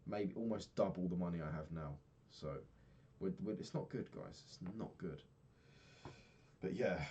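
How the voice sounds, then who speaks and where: Young man, low voice, casual sweary vlog ranting. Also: mellow, highs cut off, a little hiss or hum. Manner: rambling, swears a lot, ranting. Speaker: vlogger.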